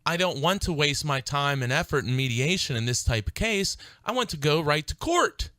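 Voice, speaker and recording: Emphatic bright-voiced man on the radio. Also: a little high, lively intonation, moderate pace, no room sound. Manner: emphatic, fired-up, repeats points for stress. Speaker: radio show host and attorney. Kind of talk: call-in style legal advice radio talk.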